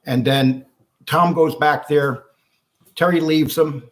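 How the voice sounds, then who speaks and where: A man being interviewed, telling a long story in an animated, blunt way, acting out what others said and swearing freely. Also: fairly high pitch, slow pace. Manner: animated storyteller acting out quotes, frequent restarts. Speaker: guest.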